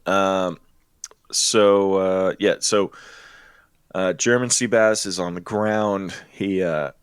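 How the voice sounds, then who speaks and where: A low-voiced man casually recaps a movie on a podcast, rambling along with plenty of ums and quick laughs. His voice is deep and sits dry and close to the mic, with no room around it. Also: fairly even intonation, smooth, no room sound. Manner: laughs often, rambling with many fillers. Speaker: podcast co-host. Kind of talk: casual chat retelling a film plot.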